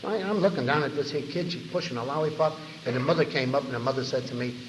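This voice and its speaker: Fast-talking New man in a hall. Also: mid-range voice, slight background noise. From New York. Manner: animated storyteller who acts out others' lines. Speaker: recovery meeting speaker. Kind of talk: storytelling talk to a large audience. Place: large convention hall. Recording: dull 1990 tape of a hall talk with long echo.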